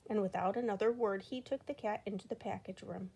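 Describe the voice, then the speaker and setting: A woman reading a children's storybook aloud with expressive storytelling emphasis. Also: medium pitch, brisk, creaky, hardly any pauses, husky. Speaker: storybook reader.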